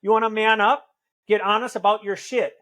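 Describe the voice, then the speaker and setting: A man's voice: sits high, fairly even intonation, brisk, fairly bright tone. Blunt, profane man with a raised voice. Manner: profane, emphatic, preachy tough-love talk. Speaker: podcast guest, author in recovery. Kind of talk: blunt conversational storytelling.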